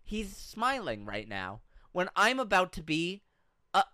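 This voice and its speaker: A man spins a comic story on a podcast, his pitch leaping around as he acts out each side. His tone is bright and forceful, close to the mic in a dry room. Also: wildly swooping pitch, unhurried, smooth, no room sound. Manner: acts out both sides of his story with big swings. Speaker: podcast co-host.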